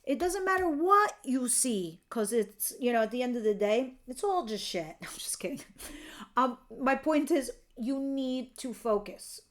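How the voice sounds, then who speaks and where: A woman's voice: sits high, expressive, measured pace, few pauses. Chatty, candid woman reading tarot. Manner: chatty and candid, laughs easily, swears casually. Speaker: tarot reader. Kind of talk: casual tarot reading to camera.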